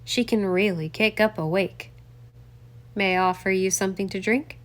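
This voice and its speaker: A woman voicing a smooth, courteous middle-aged male politician who turns defensive and threatening. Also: fairly even intonation, normal speed, lightly acted. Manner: courteous, then low and threatening.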